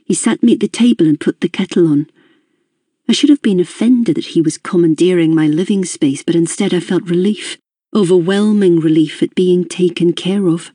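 Husky, mellow audiobook narrator. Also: mid-range voice, no room sound, studio quality. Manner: measured, introspective reading. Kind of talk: first-person novel narration.

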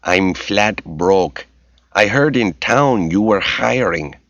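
A man's voice: sits low, animated, moderate pace, a bit bright, no echo, heavily acted. A man reading a brazen young man in disguise who talks casually and draws out his vowels. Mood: drawling. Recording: dull lo-fi recording.

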